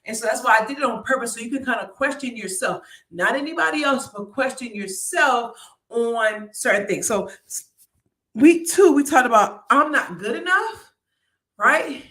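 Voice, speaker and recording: On her live online show, a woman offers motivation in an animated, conversational style, often checking in with "y'all" and "right?". Her voice is on the high side at a moderate pace, with roomy sound recorded from a distance.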